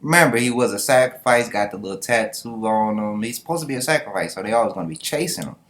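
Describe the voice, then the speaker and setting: A man's voice: on the low side, lively intonation, fast talker, fairly bright tone. A man giving a casual, slangy, profane comic-book reaction, laughing often. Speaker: manga reviewer.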